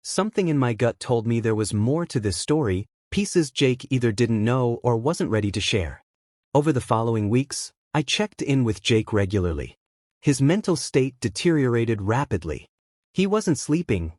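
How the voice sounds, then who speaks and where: A man narrating a first-person story in a measured, reflective way. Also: medium pitch, darkish tone, no room sound, clean studio sound.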